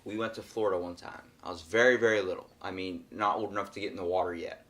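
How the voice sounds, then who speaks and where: A young man hosting a casual podcast conversation, his voice sitting on the low side. He tells stories with animation and acts out the people in them, jumping between quoted voices. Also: fairly even intonation, fast talker, a bit bright. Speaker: podcast host. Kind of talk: casual chat.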